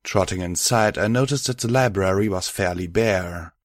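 A man narrating a story aloud in a steady, even storytelling manner. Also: low-pitched, normal speed, no echo, clean studio sound. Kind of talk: audiobook reading of fan fiction.

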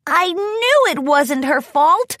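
A woman voicing an upset young male dragon who wails in a high, strained voice. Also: very animated, takes it slowly, fairly bright tone, no room sound, studio quality, full character voice. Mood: eager.

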